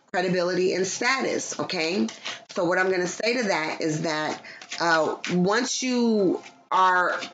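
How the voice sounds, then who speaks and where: A woman's voice: fairly low pitch, fairly bright tone. A woman giving a casual, profane tarot reading to her viewers, playful and loose, at times breaking into song. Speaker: tarot reader. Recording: dull lo-fi sound with background noise.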